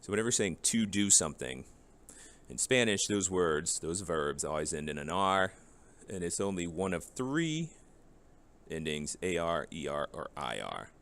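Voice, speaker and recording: Man, very low voice, language teacher, word-by-word vocabulary drill, rhetorical questions. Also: sing-song, normal speed, fairly bright tone. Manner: reads English words, then Spanish, asks rhetorical questions. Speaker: Spanish teacher. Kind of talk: vocabulary lesson.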